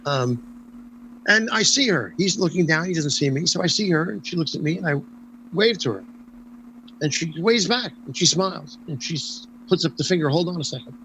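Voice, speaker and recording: An older man recounts stories in an interview, voice sitting a bit high for a man. He slips into the voices of the people he quotes as he goes. A faint hum sits under the recording. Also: fairly quick, low-quality recording. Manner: animated storyteller, acts out quoted dialogue. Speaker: interview guest. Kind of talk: storytelling anecdotes in a casual interview.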